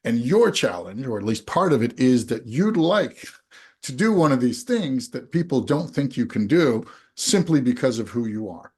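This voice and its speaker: A man in his forties from Denmark, hosting and coaching a guest in a frank, energetic way, full of rhetorical questions. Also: mid-range voice, normal speed, husky. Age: 40s. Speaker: host, business coach. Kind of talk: coaching conversation.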